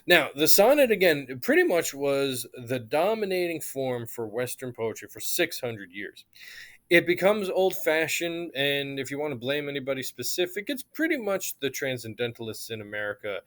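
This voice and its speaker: A man at a mid pitch gives a relaxed, conversational lecture. He checks in with his listeners after nearly every point and slows down to sound out stressed syllables as he explains them. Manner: conversational, keeps asking "right?"; stresses syllables aloud to demonstrate. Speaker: teacher. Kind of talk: recorded lecture.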